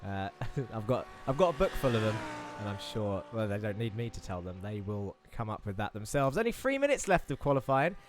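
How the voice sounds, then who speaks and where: A man's voice: lowish voice, big pitch swings, a little fast, noisy background. A man commentating a sim racing broadcast in a chatty, enthusiastic way, talking viewers through the track turn by turn. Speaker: race commentator.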